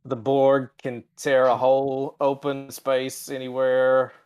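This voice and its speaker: A man's voice: mid-range voice, completely flat delivery, slow pace, darkish tone, clean tone, no room sound. Blunt, profane middle-aged male co-host. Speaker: podcast co-host. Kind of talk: casual live-stream chat.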